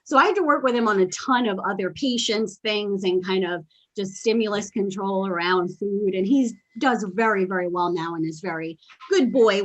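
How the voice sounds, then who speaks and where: A woman hosting a podcast, telling stories in a chatty, animated way with quick asides. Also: mid-range voice, highs cut off. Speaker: podcast host and dog trainer. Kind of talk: casual podcast conversation.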